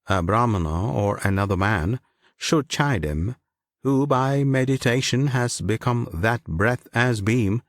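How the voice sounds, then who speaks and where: A man narrating an ancient sacred text, unhurried and deliberate. His pitch rises and falls freely as he reads in a solemn, measured way. The sound is dry and close, with no room around it. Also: dry recording. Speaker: scripture reader.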